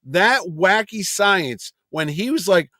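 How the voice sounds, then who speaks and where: A man with a slightly high voice talking in a casual podcast, animated and blunt as he tells his stories. His speech is crude and full of swearing. The sound is dry and close. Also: slow pace, no room sound. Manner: animated storytelling, blunt and profane.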